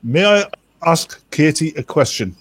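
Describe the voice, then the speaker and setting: A man's voice: fairly high pitch, lively intonation, unhurried, husky, no room sound. A man joking around on a comics stream over a video call. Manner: playful, punning. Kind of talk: casual chat on a comics stream.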